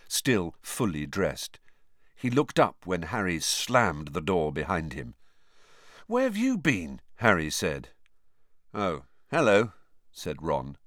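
A man reading an audiobook aloud in expressive, storytelling narration. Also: low voice, no room sound, studio quality. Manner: expressive storytelling with lively intonation. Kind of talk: scripted narration.

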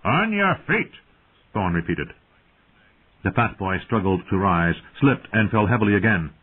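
Low, husky male audiobook narrator. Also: moderate pace. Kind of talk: scripted narration. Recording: tinny phone-like audio.

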